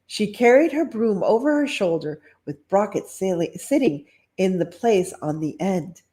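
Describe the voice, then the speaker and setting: A woman's voice: medium pitch, lively intonation, unhurried, warm tone. A middle-aged woman reading a children's storybook aloud, with chatty asides. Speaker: storytime reader.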